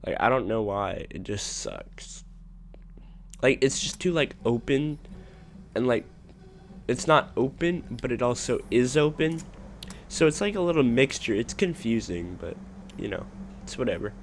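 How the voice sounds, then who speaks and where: Young male gamer, slow-talking, excitable, light background hiss. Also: mid-range voice, creaky. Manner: excitable, trash-talking, swings between mumbling and shouting. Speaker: gaming channel host. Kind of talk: casual gameplay commentary.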